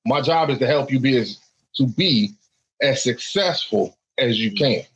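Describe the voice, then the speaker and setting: Blunt husky man in casual talk. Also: mid-range voice, animated, a little slow, highs cut off. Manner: blunt, matter-of-fact. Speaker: podcast co-host. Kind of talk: casual chat.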